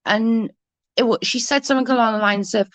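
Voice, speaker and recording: A woman's voice: fairly high pitch, fairly even intonation, fairly quick, no room sound. A young adult woman ranting heatedly in casual chat, swearing often and restarting her sentences. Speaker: livestream guest.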